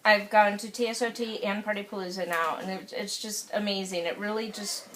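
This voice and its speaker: A woman's voice: medium pitch, steady tone, a little fast, fairly bright tone. A woman, a sales consultant, talking casually and emotionally to her group, searching for words as she gushes. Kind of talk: casual group sharing at a meeting. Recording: noisy room recording.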